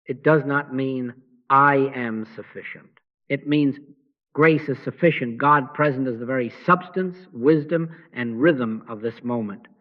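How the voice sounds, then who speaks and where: A man giving a slow, measured spiritual address in a calm, meditative style, with frequent pauses. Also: mid-range voice. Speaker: spiritual teacher. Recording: slightly muffled lo-fi sound.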